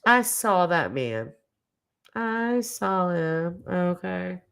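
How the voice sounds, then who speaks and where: Lively chatty woman streamer. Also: on the low side, very slow, gravelly, clean tone. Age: 40s. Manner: chatty and self-mocking, laughs often. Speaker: livestream host. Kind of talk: casual livestream chat reading viewer comments.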